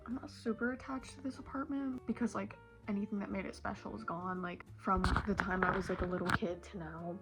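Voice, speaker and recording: A woman's voice: medium pitch, fairly even intonation, a little fast, hardly any pauses, over loud music. A woman in her late teens talking in a casual, tearful vlog, rambling with lots of "like" fillers. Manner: emotional, rambling, many "like" fillers. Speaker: vlogger. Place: bedroom at home.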